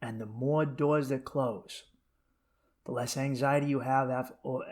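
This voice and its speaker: A man hosting his own podcast, telling rambling, profane comedic stories, then turning to a quieter earnest pep talk. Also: mid-range voice, fairly even intonation, measured pace. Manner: shouts in quoted asides. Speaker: podcast host. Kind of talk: casual comedic monologue.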